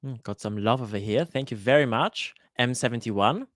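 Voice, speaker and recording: A man hosting a live Q&A for his cooking channel, chatting casually and greeting viewers by name, often pausing with "uh" and restarting his sentences. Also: mid-range voice, fairly bright tone, no room sound, clean studio sound. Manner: hesitant, with frequent "uh" fillers and restarts. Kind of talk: live-stream Q&A chat. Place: lives in Switzerland.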